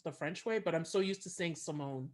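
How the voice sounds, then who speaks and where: A woman hosting a podcast, soft-spoken and easygoing, laughing often as she chats with her guest. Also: low voice, a little fast. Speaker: podcast host. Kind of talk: casual interview chat.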